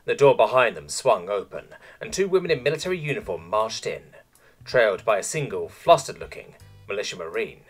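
A man reads a science fiction story aloud in an expressive, scripted narration. His voice is husky and moves a lot in pitch. Faint music plays underneath. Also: fairly quick. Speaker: audiobook narrator.

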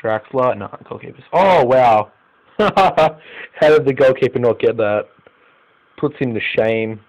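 A young Australian gaming YouTuber gives live commentary on a football management game, swinging between low muttering and loud, sweary exclamations. He keeps a measured pace, and the audio sounds dull.

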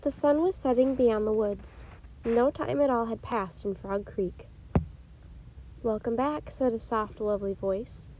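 A woman reading a children's chapter book aloud in a gentle, unhurried storytelling way, with a few small slips. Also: on the high side, fairly even intonation, slight background noise, low-quality recording. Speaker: storytime reader.

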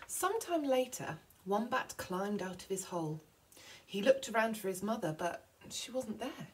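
A woman teacher reading a picture book aloud to children, slowing down for effect. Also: medium pitch, slight background noise, low-quality recording. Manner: expressive storytelling, slowing for effect.

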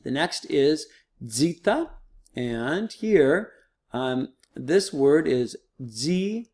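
A man's voice: on the high side, lively intonation, extremely slow, darkish tone. A man teaching a recorded online lesson, explaining step by step in a casual, patient way with frequent fillers.

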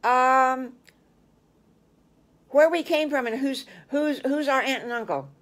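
A woman's voice: sits high, takes it slowly, a bit bright, voice pushed up. An older woman voicing three eager little boy piglets in a children's bedtime story, tumbling over their words. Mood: excited.

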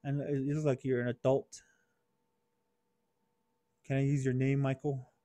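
A man telling a moral story to children at a youth conference, animated, and calling on listeners by name. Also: medium pitch, unhurried.

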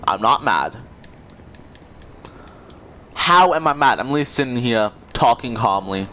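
A man's voice: medium pitch, animated, a little slow, bright, forceful tone. A young man trash-talking other players in online game voice chat, sarcastic, mocking and swearing. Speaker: gamer.

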